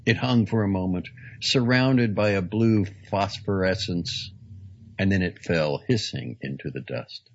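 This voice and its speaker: A man reading a story aloud in a slow, deliberate, dramatic way. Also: low voice, gravelly, dull audio. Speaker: narrator. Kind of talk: audiobook reading.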